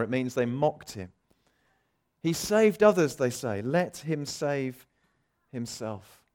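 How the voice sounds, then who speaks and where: A man preaching a sermon, dramatic, acting out the voices he quotes and swinging between loud and soft. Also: a little high.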